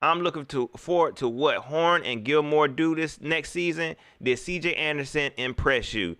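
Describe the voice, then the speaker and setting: A man's voice: on the high side, normal speed, smooth, no room sound, clean studio sound. A man hosting a live stream, talking casually and emphatically and repeating his points. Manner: animated, emphatic, repeats phrases.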